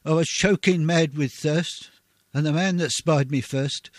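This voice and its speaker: Brief: male reader, somewhat high voice, theatrical ballad recitation, dry close sound. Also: a little slow, no room sound. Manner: rhythmic, theatrical, swelling on refrains. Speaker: poetry reader. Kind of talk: dramatic poetry recitation.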